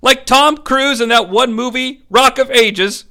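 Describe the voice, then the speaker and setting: A man's voice: very high voice, a little slow, gravelly, sharp tone. A man giving an irreverent, crude, joking recap of a movie as host of a review show.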